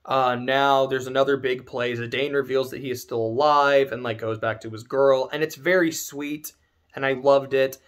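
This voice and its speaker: A man's voice: mid-range voice, flat delivery, normal speed. A young man giving a casual spoken game review, rambling, correcting himself and swearing casually.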